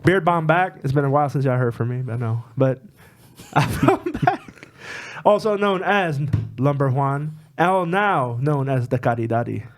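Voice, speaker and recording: A male co-host with a gravelly, creaky edge to his mid-pitched voice. He talks in an animated, joking way and is quick to laugh, recorded in a podcast studio. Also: slight background noise. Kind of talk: casual podcast chat.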